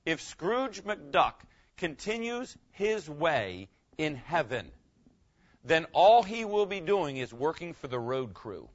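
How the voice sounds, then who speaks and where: Animated preaching man, lively pitch. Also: slow pace, lo-fi sound. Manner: animated preaching, swings from loud to hushed. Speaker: pastor. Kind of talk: sermon.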